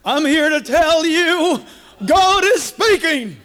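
A man mimicking a bombastic male preacher with a booming, theatrical, slowly drawn-out holy voice. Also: animated, a bit bright, heavily acted. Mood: mock-thundering. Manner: slow, drawn-out and mocking.

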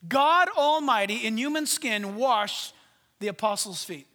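A man pastor giving a sermon, telling a humorous story and swinging between loud preaching and hushed asides. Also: very high-pitched, a little slow. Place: church sanctuary stage. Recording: long hall reverb.

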